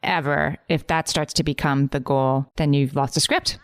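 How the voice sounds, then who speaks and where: A podcast co-host chats casually in a low voice, her humor dry. Her intonation stays fairly even, her pace is moderate, and there's no echo on the recording.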